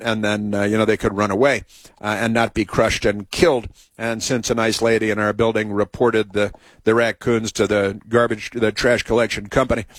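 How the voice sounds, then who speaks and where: A man's voice: medium pitch, no room sound. A man hosts a talk show in a dry, close sound with no room around it. He tells a rambling story and keeps restarting sentences and drifting into asides. Later he turns to opinionated political commentary. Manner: meandering, full of restarts and asides.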